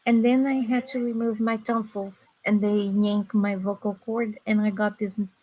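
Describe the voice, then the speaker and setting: A woman's voice: medium pitch, moderate pace, low-quality recording. Nasal woman. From Brazil. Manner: chatty, storytelling, animated asides. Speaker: guest on a live stream. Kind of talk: casual chat.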